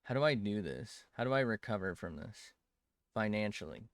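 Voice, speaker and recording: A man's voice: fairly low pitch, lively intonation, normal speed, no room sound, studio quality. A young man streaming while he draws, rambling to chat, mocking himself and swearing often.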